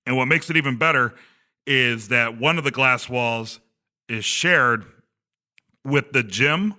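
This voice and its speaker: A man's voice: medium pitch, unhurried, pushed and bright. A man in his thirties, a podcast host telling a rambling story and laughing often, speaking from a glass conference room. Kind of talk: casual chat.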